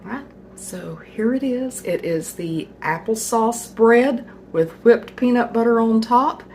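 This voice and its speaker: Middle-aged home-cook vlogger, folksy and chatty, unhurried delivery, faint noise behind. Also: female voice, on the high side, darkish tone. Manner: chatty, folksy, tasting food on camera. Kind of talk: casual cooking vlog.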